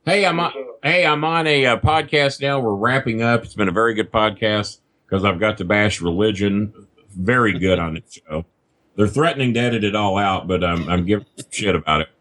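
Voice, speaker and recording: A man's voice: on the low side, brisk, fairly bright tone, no echo. A man, telling crude, self-mocking stories as a podcast guest. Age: 50s. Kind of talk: casual storytelling. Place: not at a desk microphone.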